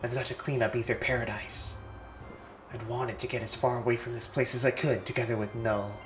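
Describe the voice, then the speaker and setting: A streamer voicing a brooding, gruff teenage boy from a role-playing game, in a low, muttered delivery. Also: little pitch movement, brisk, a little hiss or hum, natural voice. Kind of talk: reading game dialogue aloud on stream. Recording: roomy sound with faint game music.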